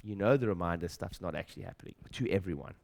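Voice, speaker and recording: A middle-aged man with a deep, darkish voice and vocal fry speaks fast on stage at a practice-building seminar. In this emphatic, repetitive motivational talk, he performs his own doubting inner voice and fires questions at the audience.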